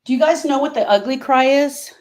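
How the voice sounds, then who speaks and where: A woman's voice: sits high, brisk, a little mellow. A woman grief coach talking casually to viewers on a live stream, earnest and repeating herself as she drifts off topic.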